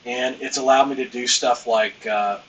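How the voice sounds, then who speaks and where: A man's voice: mid-range voice, fairly even intonation, moderate pace, a bit bright, far from the mic, a little hiss or hum, low-quality recording. A man hosting a business training live stream, talking loosely and emphatically, with lots of fillers and the odd bit of slang.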